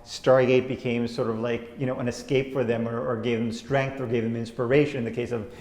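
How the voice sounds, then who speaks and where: A man speaking haltingly in an interview, with many fillers and pauses. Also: medium pitch, level tone, darkish tone, echoey room, long reverb tail. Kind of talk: interview talk.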